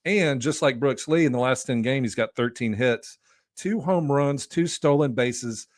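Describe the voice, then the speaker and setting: A man's voice: medium pitch, a little slow, dry recording, studio quality. A man guesting on a sports podcast, talking loosely and enthusiastically with lots of restarts. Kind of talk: casual podcast chat.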